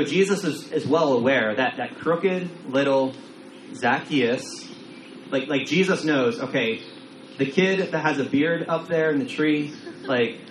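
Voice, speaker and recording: A man's voice: mid-range voice, a bit bright. A man preaching a casual sermon as pastor, talking conversationally with frequent repeated words and acted-out quotes. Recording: roomy echo, faint room noise.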